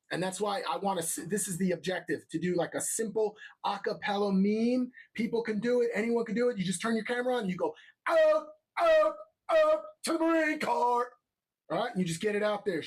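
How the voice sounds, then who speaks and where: A man hosting a live show who rambles loosely, keeps checking in with the audience, and slips into an upbeat promotional pitch. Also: breathy edge. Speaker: show host.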